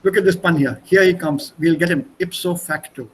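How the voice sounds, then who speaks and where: A man's voice: on the high side, fairly quick, a little hiss or hum, poor audio. Chatty man teaching online. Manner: chatty, repeats words, switches between languages. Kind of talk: online language lesson. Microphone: video call.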